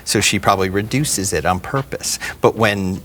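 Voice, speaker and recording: A man's voice: on the low side, moderate pace, a bit bright, a little hiss or hum. Enthusiastic middle-aged man from New Jersey. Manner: enthusiastic, laughs easily, some restarts. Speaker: film director and editor. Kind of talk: casual interview chat.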